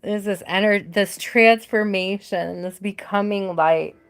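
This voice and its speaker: A woman giving a live tarot reading, gentle and emotional, repeating her words softly. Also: mid-range voice, steady tone, unhurried, clean tone, soft background music. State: tearful at times. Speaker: tarot reader.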